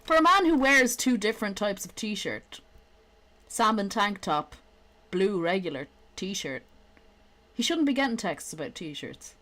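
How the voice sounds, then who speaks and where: A young woman from Ireland with a softened Irish accent, chatting casually with friends and shifting into animated comic voices. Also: measured pace. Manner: animated, swears a lot, laughs, shifts into high-pitched comic voices. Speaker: podcast co-host. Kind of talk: casual chat.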